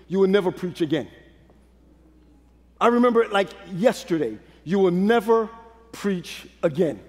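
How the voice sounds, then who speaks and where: A man preaches a sermon in a strikingly high register. He works the crowd in call-and-response, sinking to quiet confiding lines before climbing back to shouts. His voice rings with the long reverb of a big hall. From Brooklyn, New York. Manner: preachy call-and-response, swinging from low hush to shouted peaks. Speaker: pastor.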